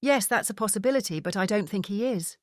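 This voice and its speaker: A woman voicing a calm, dry-witted male private investigator. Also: high-pitched, quick pace, no room sound.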